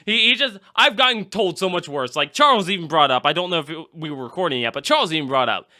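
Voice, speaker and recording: Animated, high-voiced podcast host. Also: male voice, fast talker. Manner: animated storytelling, acts out quotes. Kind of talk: casual chat.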